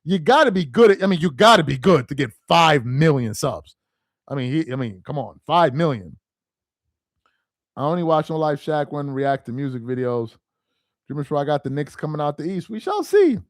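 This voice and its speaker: A man's voice: on the high side, moderate pace, no echo, studio quality. Laid-back, slangy man hosting a live stream. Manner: loose and rambling, with restarts. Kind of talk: casual sports talk live stream, reading chat.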